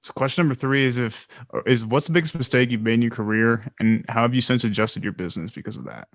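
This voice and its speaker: A man's voice: medium pitch, fast talker, dry recording. A man hosting a podcast interview, casually reading out his set questions. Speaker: podcast host.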